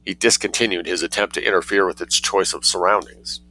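Low-ish guy reading a story, bright clear tone, measured and wry. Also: steady tone, rough recording. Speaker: narrator. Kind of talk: scripted storybook narration.

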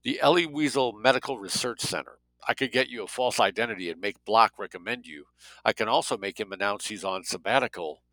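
A man's voice: fairly low pitch, a little fast, pushed and bright, no echo, poor audio. Man reading a blunt sardonic financier man. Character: wary rich male financier, blunt.

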